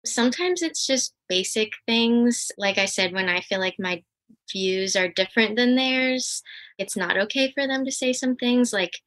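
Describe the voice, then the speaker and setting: A woman calling in for advice, with a bright voice of middle pitch. She talks haltingly and searches for words. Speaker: caller. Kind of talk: advice call conversation.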